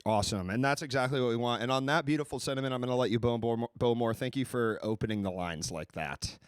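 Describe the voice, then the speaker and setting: A man's voice: mid-range voice, fast talker, smooth, no echo, clean studio sound. A man hosting a live call-in stream, chatting casually with callers and making jokey, mock-indignant outbursts.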